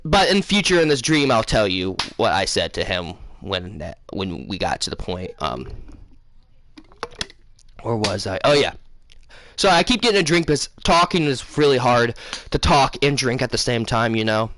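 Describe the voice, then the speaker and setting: A man casually telling his viewers a long dream story, rambling, losing his place and filling pauses with um and uh. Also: medium pitch, big pitch swings, a bit bright, a little hiss or hum. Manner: rambling, loses his place, many fillers. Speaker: gaming channel host.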